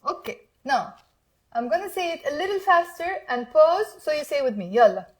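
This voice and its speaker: A woman's voice: high-pitched, expressive, normal speed. A woman from Mount Lebanon with a Lebanese accent, teaching a casual Arabic lesson and coaxing learners to repeat words aloud.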